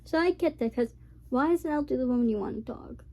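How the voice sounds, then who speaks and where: A young woman with a fairly high, mellow voice chats loosely through her reaction video. She keeps circling back with fillers and half-finished thoughts. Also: quick pace. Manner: rambling, filler-heavy chat. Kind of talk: casual reaction commentary.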